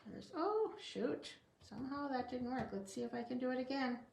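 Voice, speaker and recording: A woman's voice: high voice, expressive, normal speed, vocal fry, darkish tone, reverberant, a little hiss or hum. A woman demonstrating card stamping in a chatty tutorial, talking to herself as she works. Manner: chatty, talks to herself while working, small laughs.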